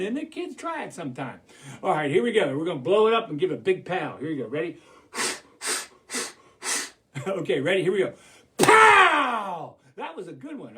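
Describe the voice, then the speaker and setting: A man telling a children's story as a puppeteer, animated and calling out to the audience to join in. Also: high voice. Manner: animated, call-and-response with the audience.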